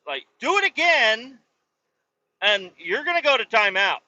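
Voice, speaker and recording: A man's voice: very high-pitched, sing-song, a little slow, sharp tone, no echo, muffled recording, voice pushed up, full character voice. A man putting on a bossy older male leader who scolds others like a parent, swearing, in a comedy rant. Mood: scolding.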